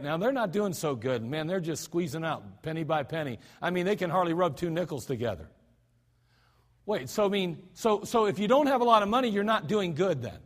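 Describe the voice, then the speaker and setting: A high-pitched American man delivers a folksy sermon, joking at his own slips and talking straight to the congregation. His voice rings with a long reverb through the sanctuary. He keeps it conversational rather than grand. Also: very animated, fairly quick. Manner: folksy, self-deprecating preaching with asides. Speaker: pastor. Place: church sanctuary. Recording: hall reverb.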